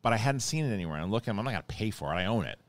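A male podcast host with a somewhat low voice, chatting casually. He rambles, circles back and repeats words as he talks things through. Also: racing, no room sound. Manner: rambling, animated, many restarts. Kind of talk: casual chat.

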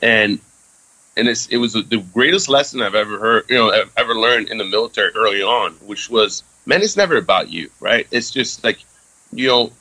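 A man's voice: medium pitch, sharp tone, poor audio. A man from France in his thirties, a guest casually telling a candid story with many fillers and casual swearing.

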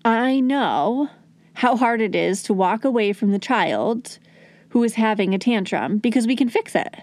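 A young adult woman teaching parents how to calm toddlers, earnest and coaching, softly acting out what to say to a child. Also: fairly high pitch, unhurried, no echo. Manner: earnest, coaching, acts out gentle lines to a child. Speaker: parenting educator. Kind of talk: instructional talk to parents.

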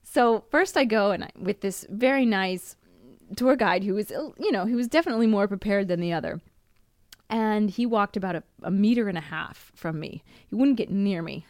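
A woman's voice: medium pitch, animated, moderate pace, darkish tone, no room sound, clean studio sound. A woman podcast host frankly telling a personal story, with small laughs and restarts.

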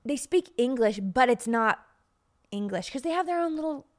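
A woman's voice: sits high, expressive, normal speed. A woman co-hosting a casual podcast, chatty and giggly, often poking fun at herself, with a slightly stuffy nose. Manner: giggly, self-deprecating, chatty. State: pregnant, runny nose. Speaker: podcast co-host. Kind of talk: casual chat.

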